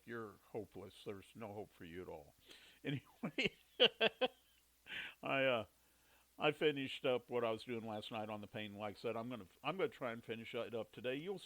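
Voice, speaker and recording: A man's voice: medium pitch, fairly bright tone, no echo, poor audio. A middle-aged man hosting a casual podcast monologue, telling rambling stories in a chatty way with frequent laughs and self-corrections. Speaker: podcast host.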